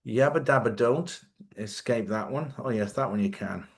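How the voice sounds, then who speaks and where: A man's voice: mid-range voice, moderate pace, vocal fry. A man hosts a loose, rambling live-stream chat in an everyday voice, sitting in the middle of the usual male range. He talks off the cuff, swears without thinking, and breaks into laughter between remarks. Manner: chatty, joking, swears freely, laughs often. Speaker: host.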